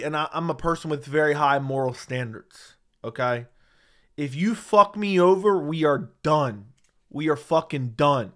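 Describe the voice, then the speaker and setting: This MMA livestream host sounds a little high and a bit bright as he rants into a studio dynamic mic. The delivery is heated, emphatic and full of profanity.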